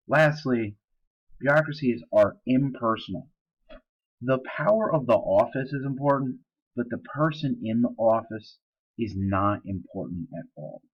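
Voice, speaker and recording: Casual low-voiced male teacher. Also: slightly rough, highs cut off. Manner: casual, explanatory, with fillers and asides. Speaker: social studies teacher. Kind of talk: recorded lecture.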